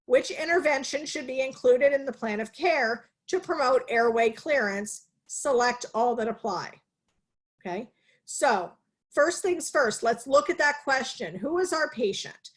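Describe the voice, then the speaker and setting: A woman with a fairly high voice teaches nursing students in a live online class over a video call. She talks with energy, puts questions to the class and then answers them herself. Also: animated, measured pace. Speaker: nursing instructor.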